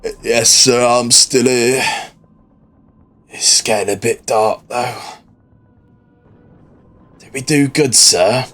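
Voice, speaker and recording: A frightened young soldier, as a man puts him on, lies dying in a tabletop game. He talks slowly and faintly in a husky, halting voice that keeps fading out. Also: mid-range voice, fairly even intonation, fairly bright tone, faint music behind. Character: dying young male penal trooper, weak and frightened.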